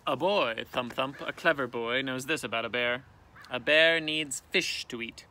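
Teacher guy reading a kids book out in a canoe, slow and dramatic, super bright gravelly voice. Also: medium pitch. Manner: expressive, dramatic storytelling. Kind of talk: picture book read-aloud. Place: canoe outdoors on water.

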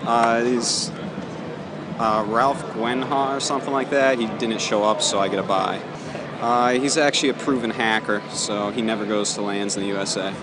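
A man's voice: medium pitch, fairly even intonation, normal speed, very noisy. A young man, a tournament player, speaking casually and matter-of-factly about his matches. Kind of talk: casual on-site interview. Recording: loud crowd at an event.

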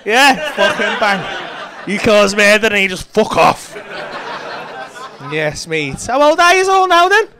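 A man's voice: high voice, animated, measured pace, pauses often. A man doing stand-up crowd work, teasing and swearing with laughing banter. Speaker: stand-up comedian. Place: comedy club stage. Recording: live club with loud crowd. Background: audience laughter.

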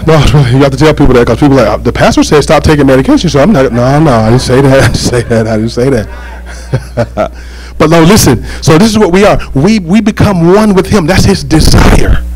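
A man preaching a sermon as pastor, animated and joking, with call-and-response asides to the congregation. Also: medium pitch, fairly quick, rough recording.

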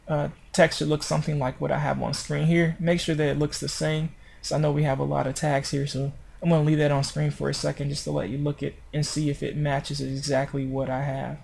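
A man's voice: on the high side, gravelly, darkish tone. A man narrating a screencast tutorial on web design, explaining step by step in an informal way and correcting himself as he goes.

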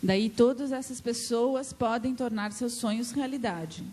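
A woman giving a consecutive interpretation of a speech, with a measured, steady delivery. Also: on the high side, big-room sound, a little hiss or hum.

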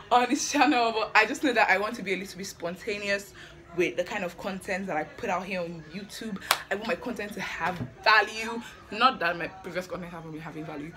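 A woman's voice: medium pitch, fairly quick, sharp tone. A young woman in her twenties, a medical student, chatting in a hyper, dramatic vlog, repeating herself and out of breath. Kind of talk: excited casual vlog chat.

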